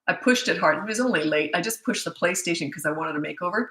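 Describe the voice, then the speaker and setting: A chatty woman in her sixties with a bright, forceful voice talks casually to her viewers as a parenting coach. She reads their questions aloud and laughs easily, and her voice rings in an echoey room. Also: on the low side, fast talker, few pauses. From Canada. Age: 60s. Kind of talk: casual live Q&A chat.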